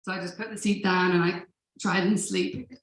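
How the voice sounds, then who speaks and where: A woman's voice: on the low side, steady tone, normal speed. A woman telling a personal story at a live event, in a casual, profane manner with frequent laughs. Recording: roomy live room echo.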